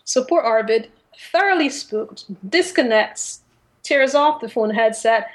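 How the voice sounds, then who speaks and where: A woman's voice: on the high side, expressive, measured pace. A woman co-hosting a podcast, retelling a story in casual talk with many fillers and restarts. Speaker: podcast co-host. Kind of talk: casual book discussion.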